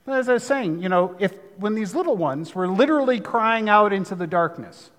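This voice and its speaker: A man's voice: high-pitched, lively intonation, brisk, fairly bright tone, in a large hall. A man preaching a sermon, talking conversationally with asides. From United States. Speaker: pastor.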